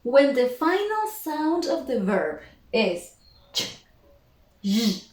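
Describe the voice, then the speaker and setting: A woman teaching English pronunciation, repeating each word and sound slowly and carefully. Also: a little high, big pitch swings, darkish tone. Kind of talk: pronunciation lesson. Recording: echoey room, faint noise.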